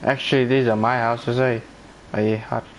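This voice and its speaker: A man's voice: mid-range voice, little pitch movement, normal speed, rough recording. A man in casual gaming voice chat, joshing with teammates and making callouts. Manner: joshing banter and team callouts. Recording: voice chat over loud game noise.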